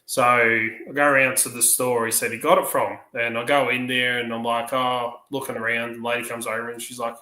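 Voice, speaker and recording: Aussie bloke on a hangout stream, bright tone in a roomy space, spins long stories with quoted voices. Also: male voice, medium pitch, normal speed. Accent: Australian. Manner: rambling storyteller, acts out quoted dialogue. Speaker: livestream panelist. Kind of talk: casual chat.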